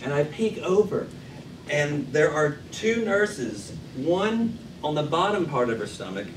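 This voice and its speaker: Animated man telling a story on a theater stage. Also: a little high, unhurried, a little hiss or hum. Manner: animated, swears freely. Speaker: guest storyteller at an improv comedy show. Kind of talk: live comedic true-story monologue. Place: theater stage with live audience. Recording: echoey room, mic from a distance, loud audience laughter.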